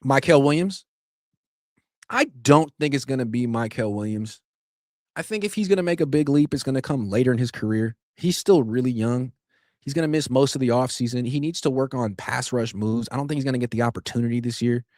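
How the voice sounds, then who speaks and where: A man in the middle pitch range rants through sports takes on his own show, sarcastic and animated. His voice leaps up loud for emphasis and then drops back. The sound is dry and close, with no room around it. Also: a little fast, no echo. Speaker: sports podcast host. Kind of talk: opinionated solo sports commentary.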